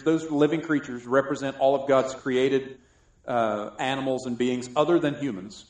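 Animated preacher in an echoey room. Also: male voice, medium pitch, normal speed. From South Carolina, US. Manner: animated, jokey preaching with sudden loud and soft swings. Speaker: pastor. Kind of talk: sermon.

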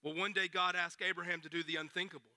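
A man preaching a storytelling sermon, dramatic and dropping to hushed near-whispers for emphasis. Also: high-pitched, flat delivery, fast talker, no room sound, studio quality.

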